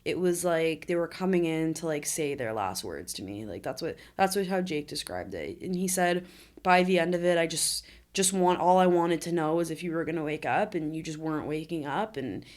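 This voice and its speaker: A woman's voice: sits low, animated, normal speed, a little mellow. A woman in her twenties, a podcast guest, telling her story candidly and earnestly in conversation. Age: 20s. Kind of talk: conversational interview.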